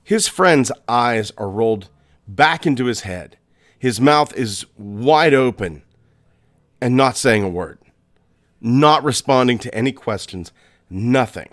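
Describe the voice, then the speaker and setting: A man hosting a podcast, narrating a scary story in a suspenseful way, with pauses and restarts. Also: mid-range voice, expressive, a bit bright. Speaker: podcast host.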